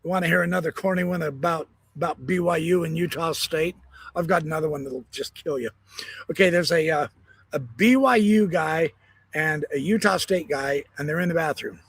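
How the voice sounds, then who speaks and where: A man hosting a live stream from his backyard, chatting loosely and laughing at his own corny jokes. His voice sits a little high and sounds husky. The sound is dry and close. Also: moderate pace, fairly bright tone, dry recording. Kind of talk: casual live-stream chat. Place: backyard, outdoors.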